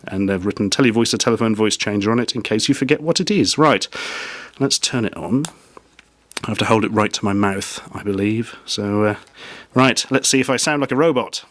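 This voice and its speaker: A man's voice: on the low side, a little fast, over loud music. A man casually reviewing gadgets in a vlog, making dry, self-mocking asides.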